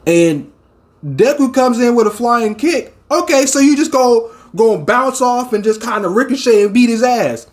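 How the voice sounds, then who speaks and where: A man hosting a casual comic-reaction talk, excitable and quick to swear and shout his reactions. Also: extremely high pitch. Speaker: manga reaction host.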